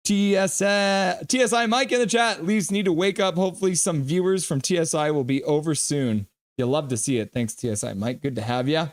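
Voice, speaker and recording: This streamer talks fairly quickly with few pauses, his voice on the high side. He calls the hockey action play-by-play and jokes around with chat in between.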